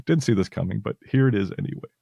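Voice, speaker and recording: A man's voice: on the low side, rapid-fire, vocal fry, mellow, slightly rough, no echo, studio quality. A male podcast host talking earnestly and reassuringly to his listeners, at times getting emotional. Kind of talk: heartfelt personal talk to listeners.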